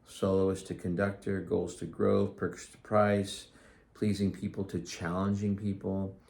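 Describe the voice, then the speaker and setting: A man's voice: low voice, level tone, a little slow, gravelly, a little mellow. A middle-aged man hosting his own podcast, talking casually and earnestly, rambling a little with restarts and asides. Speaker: podcast host. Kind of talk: casual solo talk.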